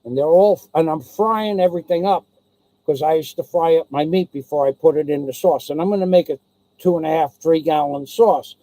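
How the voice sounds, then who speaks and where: A man's voice: fairly high pitch, fairly quick, mellow, no room sound, rough recording. A man telling a casual personal anecdote, rambling and digressive with many restarts, blunt and salty in his talk. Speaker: storyteller.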